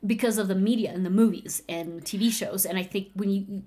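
A woman in casual conversation, talking through her opinions with restarts and quick laughs. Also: mid-range voice. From United States. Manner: animated, thinks aloud with restarts and laughs. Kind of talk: casual chat.

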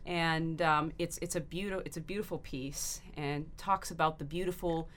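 A woman's voice: low-pitched, steady tone, moderate pace, fairly bright tone, slight background noise. A woman singer guesting on a community radio show, talking hesitantly with many restarts and fillers. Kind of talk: casual radio interview. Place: radio studio.

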